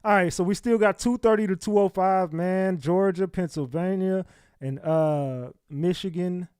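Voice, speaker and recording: A man hosting a casual livestream, talking loose slang with blunt profanity and getting loud when he talks back at clips. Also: high-pitched, measured pace, clear, resonant tone, no echo, studio quality. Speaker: livestream host. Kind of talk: casual live commentary.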